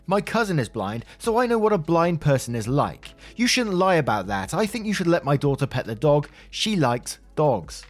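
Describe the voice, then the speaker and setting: Entitled middle-aged mom as a man puts her on, harsh and accusing, pitched high, swinging wildly. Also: big pitch swings, moderate pace, hardly any pauses, soft background music. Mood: accusatory. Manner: harsh, accusatory, shrill when angry.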